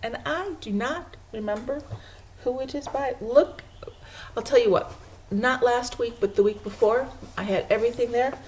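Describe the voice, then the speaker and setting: A woman's voice: fairly high pitch, moderate pace, darkish tone, slight background noise. A woman hosting a knitting video podcast from home, chatting casually and laughing often while she shows her projects to a webcam.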